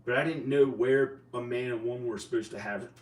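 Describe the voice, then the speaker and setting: A man vlogging in a rambling, halting way, full of restarts, sounding tired and short on sleep. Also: medium pitch, echoey room, distant mic, low-quality recording. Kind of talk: rambling casual monologue to camera.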